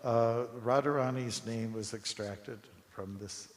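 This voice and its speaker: A man giving a scripture class in a temple hall, telling relaxed anecdotes with chuckles and asides to the audience. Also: mid-range voice, slow pace. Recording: long hall reverb with faint hiss.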